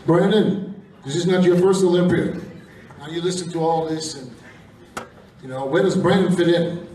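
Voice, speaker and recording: A man's voice: fairly high pitch, moderate pace, warm tone, slight background noise. A man interviewing bodybuilders at a press conference, asking probing, repeated questions. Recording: echoey room recorded from far off.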